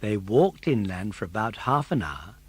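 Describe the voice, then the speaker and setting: A man's voice: lowish voice, moderate pace, husky, dry recording. Older guy reading a kids story aloud, bouncy voice, dry close sound. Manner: expressive, animated storytelling. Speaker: audiobook narrator. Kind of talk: storybook narration.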